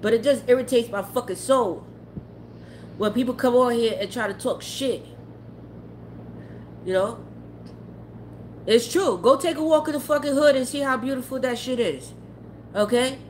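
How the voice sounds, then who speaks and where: A fairly high-voiced woman, talking to her live chat as a tarot streamer. She rants bluntly and swears constantly, and there is faint noise behind her. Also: moderate pace, pauses often, a little mellow. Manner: blunt, profane, heated, often laughing. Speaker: tarot livestreamer. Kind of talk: profane casual rant to live chat.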